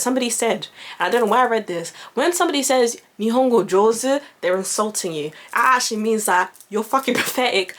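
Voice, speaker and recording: A woman's voice: on the high side, expressive, fairly quick, a bit bright. A young woman whose first language is French, rambling through a casual story, swearing freely and acting out the voices of the people she quotes. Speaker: vlogger.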